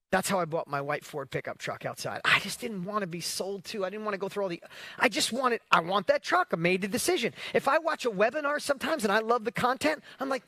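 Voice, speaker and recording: Bright, high-voiced energetic man. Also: a little fast, no room sound. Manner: energetic, peppers talk with rhetorical questions. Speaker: host of an online business challenge. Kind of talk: casual motivational livestream talk.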